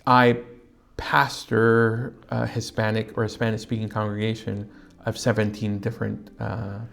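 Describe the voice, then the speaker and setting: A man who pastors a Spanish-speaking church, talking casually on a podcast with frequent pauses and fillers. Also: on the low side, little pitch movement, gravelly, a bit bright. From California, USA. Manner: halting, with many fillers and restarts.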